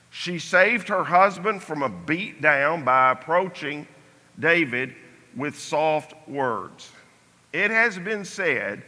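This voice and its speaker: Teaching a Sunday Bible class, an older man speaks slowly and deliberately, softening his voice on the important phrases. The recording has a long reverb like a church hall, and his bright, sharp-edged voice sits slightly high for a man.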